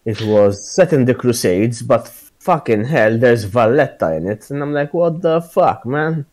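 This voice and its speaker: A man's voice: medium pitch, animated, moderate pace, darkish tone. A man, complaining bluntly in casual chat as a tabletop game player.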